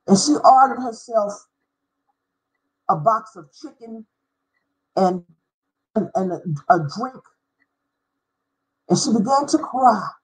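A middle-aged woman with a somewhat high, husky voice tells a heartfelt faith story from her own life. She speaks with emotion, spells out words for emphasis, and now and then breaks into a line of song. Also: takes it slowly, long pauses, rough recording. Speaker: former schoolteacher. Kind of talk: personal testimony.

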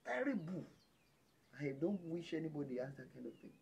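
A man with a Nigerian accent preaching a sermon as pastor, jumping between loud exclamations and hushed lines. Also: on the high side, big pitch swings, fairly quick, vocal fry, husky.

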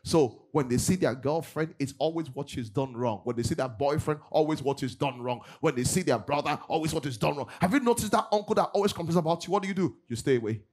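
A man's voice: a little high, fast, hardly any pauses, a little mellow. A middle-aged man preaching a sermon as pastor, acting out congregants' voices and laughing often.

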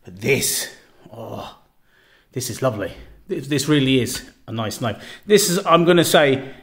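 A man casually reviewing a knife outdoors, relaxed and rambling, often repeating himself and trailing off into a quiet murmur. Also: mid-range voice, a little slow. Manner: relaxed, repeats himself, stumbles over words. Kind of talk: casual product review vlog.

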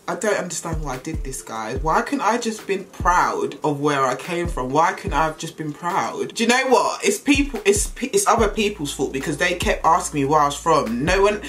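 A woman's voice: low-pitched, fairly bright tone. A woman in her twenties with an Essex accent, chatting casually to camera in a confessional vlog, laughing often. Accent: Essex English. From Essex, England. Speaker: vlogger.

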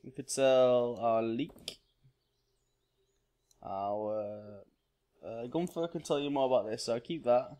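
Male gamer host, casual let's-play commentary, chatty, mid-pitched, thinks aloud as he plays. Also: slow pace, long pauses, mellow. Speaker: gaming channel host.

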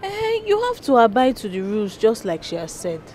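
A woman's voice: fairly high pitch, wildly swooping pitch, a little fast, darkish tone, a little hiss or hum. Woman as a young tenant, Nigerian accent, soothing, reassuring.

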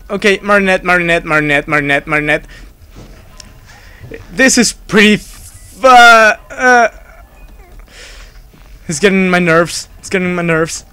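A game streamer whose first language isn't English commentates his live gameplay nervously, pleading, repeating himself, and swearing when startled. His voice sits high, pushed and bright, with a clean tone.

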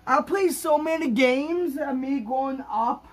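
Gaming vlogger, male, high voice, slow, gushing and rambling with excitement. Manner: gushing and overexcited, rambling with restarts. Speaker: gaming YouTuber. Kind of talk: excited gaming vlog talk.

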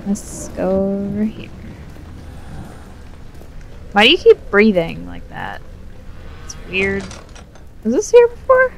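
Her pitch is medium, and a little background noise can be heard. She's a gamer, young and tipsy, cursing and chatting back at the on-screen character in a loose, boozy let's play.

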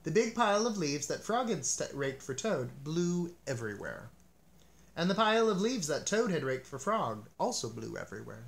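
A man reading a children's storybook aloud as narrator, with a gentle, expressive manner. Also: fairly high pitch, normal speed, vocal fry. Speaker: storybook reader.

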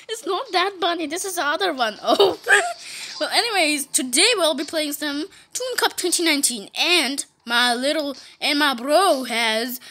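A woman hosting a casual gaming video, giggly and excitable, playfully putting on little voices for characters. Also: high voice, measured pace, a little hiss or hum. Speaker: gaming channel host.

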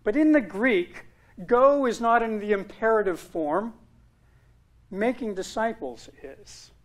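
A man's voice: sits high, lively intonation, slow pace. A male pastor preaching a sermon, earnest, with emphatic repetition and rising stress on key words.

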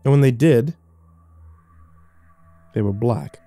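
A man's voice: medium pitch, slow pace, faint music behind. A man doing a taunting fallen angel, Lucifer. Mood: brooding. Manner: soft, taunting, theatrical. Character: mocking fallen angel, cruel and unhinged.

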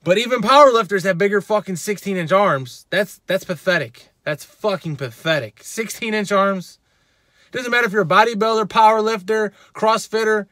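A man's voice: high-pitched, moderate pace, a bit bright, no echo, studio quality. A male fitness channel host ranting in a vlog, heated and profane, repeating his points.

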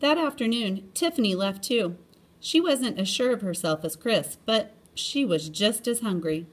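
A woman reading a children's chapter book aloud in an expressive storytelling manner, often lifting her pitch. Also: a little slow.

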